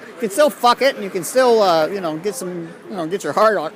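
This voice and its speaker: A man's voice: high-pitched, expressive, quick pace, creaky, fairly bright tone, slight background noise. A man walking outdoors along a city street, delivering a profane, conspiratorial rambling monologue. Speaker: street vlogger.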